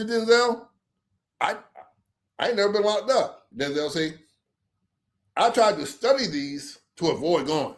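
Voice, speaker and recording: A man hosting a late-night livestream, talking in a rambling, profane, animated way. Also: sits high. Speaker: livestream host.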